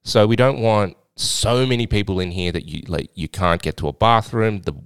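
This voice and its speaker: A man's voice: lowish voice, normal speed, clean tone, no echo, studio quality. An Australian man hosting a podcast, telling a story in a rambling, blunt way with some swearing. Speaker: podcast host and swingers club owner. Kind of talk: casual storytelling chat.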